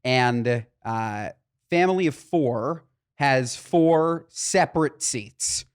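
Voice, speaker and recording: A man co-hosting a podcast, telling an animated, ranting anecdote in casual chat. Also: mid-range voice, extremely slow, clear, resonant tone. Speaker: podcast co-host.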